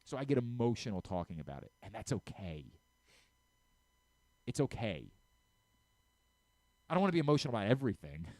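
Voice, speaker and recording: A man's voice: lowish voice, very animated, fairly quick, long pauses, a little mellow, no echo. A middle-aged man hosting a sports talk radio show, speaking earnestly and emotionally, often stumbling and restarting his sentences. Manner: earnest, openly emotional, frequent stammered restarts.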